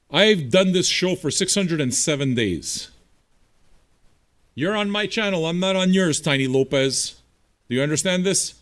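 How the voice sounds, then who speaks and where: A man hosting a live music stream, chatting straight at his viewers. His voice sits a bit high and swings widely in pitch. He talks bluntly, with plenty of swearing and combative teasing. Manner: blunt, profane, combative banter. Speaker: streaming radio DJ host. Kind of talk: casual livestream chat answering viewers.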